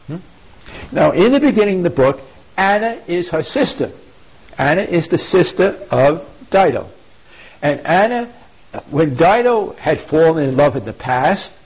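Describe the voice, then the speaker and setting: Husky preaching man, dull lo-fi sound. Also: a little high, a little mellow. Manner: storytelling, acts out quotes, rhetorical "you see?". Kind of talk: sermon retelling a classic epic. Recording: dull lo-fi recording.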